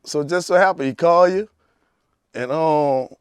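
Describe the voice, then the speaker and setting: Man, rambling storyteller, somewhat high voice, dry close sound. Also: a little slow, smooth, no echo. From Louisiana. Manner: rambling, repeats "you hear me". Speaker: rapper guest. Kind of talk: casual storytelling interview.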